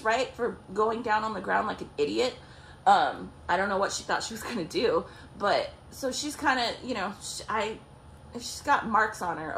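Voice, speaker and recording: Her voice sits a little high and fairly bright as this woman vlogger tells a story in loose, profane chat. She laughs often and keeps checking in with "okay?" and "like," while a faint hiss runs underneath.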